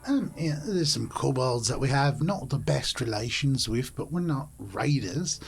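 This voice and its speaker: A man's voice: mid-range voice, expressive, measured pace, creaky, faint music behind. A man voicing a chatty goblin translator who talks casually and rambles.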